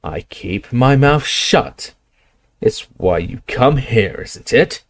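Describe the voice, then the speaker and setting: A man voicing a gruff, belligerent old barman who bellows and scoffs. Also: mid-range voice, animated, takes it slowly, heavily acted. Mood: defiant, roaring. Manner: bellowing, scornful, defiant.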